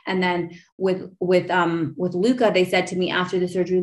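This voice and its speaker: A woman's voice: on the low side, level tone, normal speed, hardly any pauses. A woman in her thirties hosting a podcast, telling a personal story in a rambling, emotional way. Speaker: podcast host. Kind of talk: casual interview chat.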